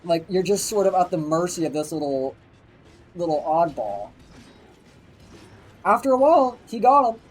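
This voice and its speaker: Pausing often, a man with a high, slightly rough voice tells a rambling story on stream at normal speed. He swears constantly and animates it with quoted voices, and the recording is rough.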